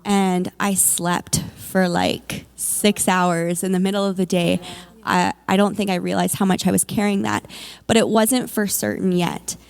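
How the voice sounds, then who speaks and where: A woman's voice: mid-range voice, fairly even intonation, measured pace, creaky, darkish tone, clear, resonant tone. A woman, a mother, sharing a personal faith testimony at a church service in a candid, conversational way, with frequent "like" and "um".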